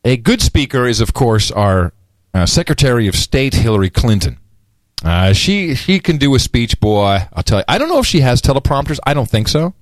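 A man co-hosting a podcast in casual chat, sarcastic and animated. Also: medium pitch, moderate pace, no echo. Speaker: podcast co-host.

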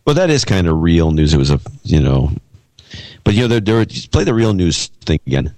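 A man's voice: sits low, very animated, a little fast, darkish tone, no room sound. A man co-hosting a podcast in casual chat, asking skeptical, probing questions. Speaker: podcast co-host.

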